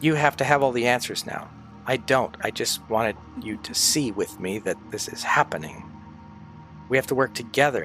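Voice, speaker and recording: A man's voice: medium pitch, moderate pace, a bit bright, soft background music. A man chatting casually on a livestream, rambling and swearing freely, sounding tired and sick.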